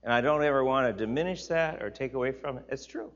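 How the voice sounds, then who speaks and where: A man's voice: medium pitch, fast, a bit bright. An older man teaching a Bible class, reading scripture aloud and repeating words for emphasis. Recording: slightly dull lo-fi recording.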